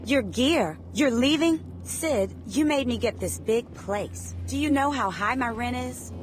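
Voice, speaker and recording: A woman's voice: a little high, animated, unhurried, a little hiss or hum. An actress playing a clingy young girlfriend who complains and whines. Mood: whiny. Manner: whiny, complaining.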